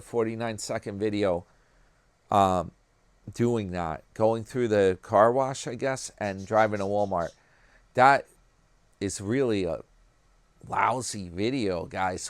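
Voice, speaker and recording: A man's voice: fairly low pitch, clean tone, no room sound. A man with a New York accent chatting casually to his viewers, rambling from one thing to the next and calling them "guys" and "man". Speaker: YouTube commentary vlogger.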